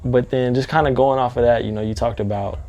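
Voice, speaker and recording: A man interviewing a guest in a relaxed way, asking questions slowly with fillers. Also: mid-range voice, highs cut off. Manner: laid-back, hesitant with fillers.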